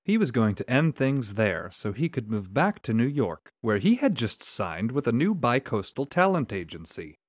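A man narrating a short story aloud from his home, expressive and lively in his delivery. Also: medium pitch, moderate pace, few pauses, slight background noise. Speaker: story reader and podcast engineer. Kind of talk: scripted narration.

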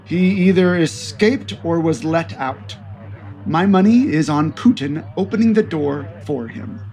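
A man's voice: a little high, a little slow, darkish tone, muffled recording. A man voicing a stern female spy agency director who speaks curtly and commandingly. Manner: curt, commanding.

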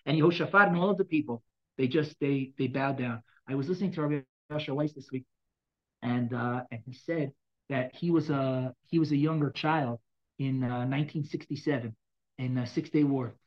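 Male Bible teacher, dramatic and lively, mid-range voice, lo-fi muffled sound. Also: medium pitch, moderate pace. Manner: animated, dramatic, swings between loud bursts and quiet asides. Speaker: Torah teacher. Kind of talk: Bible class, reading verses and explaining.

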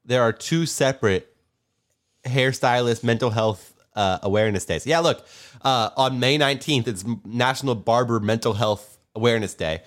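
A man's voice: medium pitch, normal speed, no room sound, clean studio sound. A young man co-hosting a podcast in a playful, joking way, throwing out trivia. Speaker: podcast co-host. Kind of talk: casual chat.

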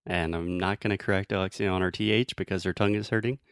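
A man with a fairly low voice teaches English pronunciation in a relaxed, joking way. He slows down to give example after example. The sound is dry and close. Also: clean tone, dry recording. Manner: playful, explains slowly with examples. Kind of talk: casual pronunciation lesson.

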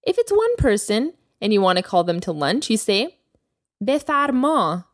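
A woman hosting a language lesson podcast as the teacher, speaking clearly and slowing down to model new words. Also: mid-range voice, wildly swooping pitch, no room sound, studio quality. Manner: clear teacherly delivery, slows down for vocabulary. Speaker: Persian teacher, podcast host.

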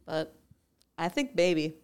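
A young woman co-hosting a podcast in casual chat, giggly and playful, with deadpan jokes. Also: low voice, slow, smooth. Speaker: podcast co-host.

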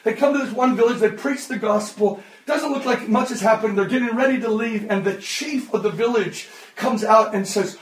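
A man in his fifties preaching a sermon, impassioned and often shouting. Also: very high voice, expressive, normal speed, hardly any pauses. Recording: echoey hall, distant mic.

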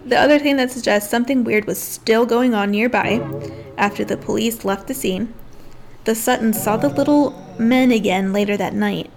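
A woman's voice: fairly high pitch, normal speed, gravelly, darkish tone, soft background music. A woman co-hosting a podcast in casual chat, curious and easygoing, often giggling. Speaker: podcast co-host.

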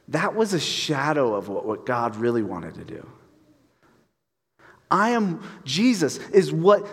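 A man preaching a casual sermon as pastor, animated and acting out voices in his stories. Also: fairly high pitch, measured pace, husky. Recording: long hall reverb.

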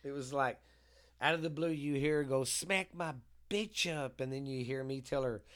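A man's voice: mid-range voice, steady tone, brisk, clean tone. A man co-hosting a podcast, casual and joking, with a lot of swearing. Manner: rambling, profane, joking. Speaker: podcast co-host.

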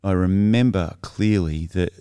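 A middle-aged man speaks as a podcast guest, his voice low, smooth and resonant. He tells his own story in a reflective, halting way, often restarting his sentences. The sound is dry, with no room echo. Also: mellow. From Australia. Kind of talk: casual personal storytelling.

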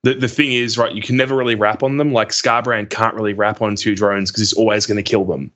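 Bright-voiced man chatting casually, Australian accent. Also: fairly low pitch, quick pace. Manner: relaxed, hedging, many "like" and "um" fillers. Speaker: guest player. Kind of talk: casual podcast chat.

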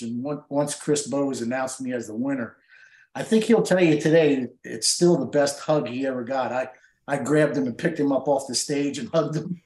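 A man's voice: medium pitch, a little mellow. A middle-aged man, a tournament angler, telling a long emotional story with many fillers and restarts in an interview. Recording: roomy echo.

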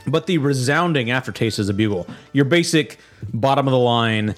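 A man co-hosting a casual comedy podcast, reviewing snacks with crude deadpan jokes. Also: mid-range voice, normal speed, soft background music. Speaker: podcast co-host.

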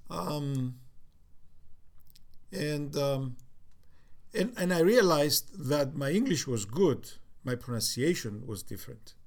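A man in his sixties with a Cypriot accent, recounting his life as an interviewee in a halting way with many fillers and restarts. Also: a little high, expressive. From Cyprus. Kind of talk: reflective storytelling.

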